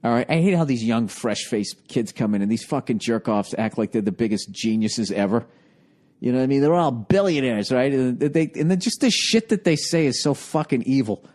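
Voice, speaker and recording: A man's voice: mid-range voice, expressive, brisk, a little mellow. A middle-aged man hosting a podcast, rambling profanely in casual chat and slipping into goofy voices to mimic people. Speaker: podcast host.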